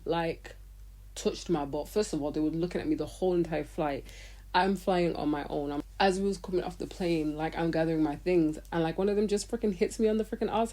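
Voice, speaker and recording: A woman's voice: fairly low pitch, dark tone. A woman in her thirties talking bluntly to camera in a casual vlog, swearing freely and dropping slangy asides. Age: 30s. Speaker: vlogger. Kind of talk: candid casual monologue.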